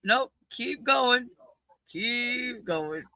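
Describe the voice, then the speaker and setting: A woman's voice: fairly high pitch, expressive, very slow, sharp tone, dry recording, rough recording. A woman co-hosting a wrestling podcast, chatting casually and teasing the others. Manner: playful, teasing. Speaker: podcast co-host. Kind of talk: casual chat.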